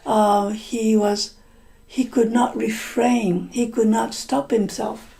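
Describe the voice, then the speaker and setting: A woman's voice: a little high, little pitch movement, takes it slowly, gravelly, warm tone. A woman telling a folk tale to English learners, repeating and rephrasing lines and explaining words as she goes. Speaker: storyteller and English teacher.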